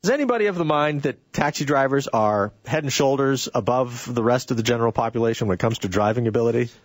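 Man, talk radio host, sarcastic, lively swooping delivery, slightly husky, dry studio sound. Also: medium pitch, quick pace, no room sound. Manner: sarcastic, animated.

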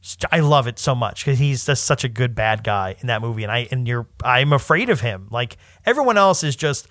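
A male podcast co-host in loose, casual conversation. He rambles, stops and restarts, and slips into lively mimicry when quoting people. His voice sits at an average pitch and is recorded close and dry, with no room sound. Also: brisk, few pauses, no echo. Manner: rambling, self-interrupting, animated quoting. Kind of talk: casual chat.

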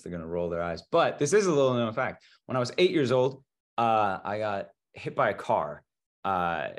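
Brief: young male actor guest, lively storyteller, voice swings widely, stammers into stories. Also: on the low side. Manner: animated storyteller, stammers and restarts. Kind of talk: casual interview chat.

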